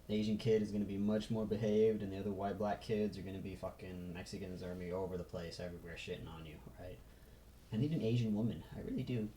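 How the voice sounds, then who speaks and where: Male vlogger, mellow and loose, talking to camera through a phone mic. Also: sits low, steady tone, fast, echoey room, slight background noise, poor audio. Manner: rambling, loose, full of fillers. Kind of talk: casual rambling vlog.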